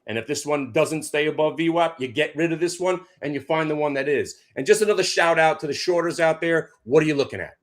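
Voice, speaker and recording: A man's voice: fairly high pitch, quick pace, few pauses. A man recapping trades in a brash, punchy way, trash-talking short sellers. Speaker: day trader. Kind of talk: hyped trading recap.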